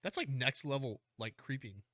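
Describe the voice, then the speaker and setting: A man's voice: mid-range voice, big pitch swings, normal speed, pushed and bright, dry recording, clean studio sound. A man co-hosting a podcast, reacting in casual chat with short comments and quips. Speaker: podcast co-host.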